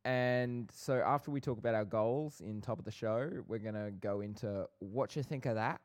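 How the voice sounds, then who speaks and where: A man's voice: on the low side, moderate pace. A young man co-hosting a casual podcast with his brother, bantering playfully with light sarcasm. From Australia. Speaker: podcast co-host.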